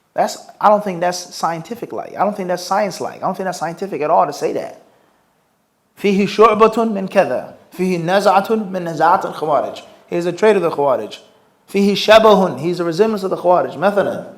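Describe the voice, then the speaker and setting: A man teaching Islamic topics in a live question-and-answer session. He asks rhetorical questions and mixes Arabic phrases into his English. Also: high voice. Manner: rhetorical, quizzes listeners with "what?". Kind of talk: live Q&A lecture.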